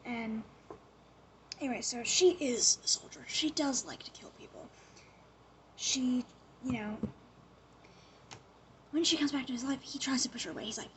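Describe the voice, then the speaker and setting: Chatty young woman, slightly high voice. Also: moderate pace, pauses often, a little hiss or hum. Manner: chatty, animated retelling full of "like" and acted-out quotes. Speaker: show recapper. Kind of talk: casual chat recapping a TV show.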